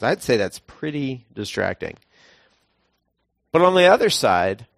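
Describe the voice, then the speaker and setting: A young man preaching a casual, conversational sermon, telling everyday stories and now and then acting out quotes in a sudden high voice. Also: gravelly, a bit bright, dry recording, clean studio sound.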